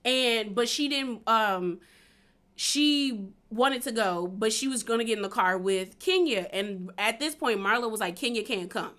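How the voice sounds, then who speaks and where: A young woman with a bright, forward voice sitting a touch high, chatting loosely through a reality-show recap. She laughs often and leans on filler words as she goes. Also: measured pace. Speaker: recap vlogger.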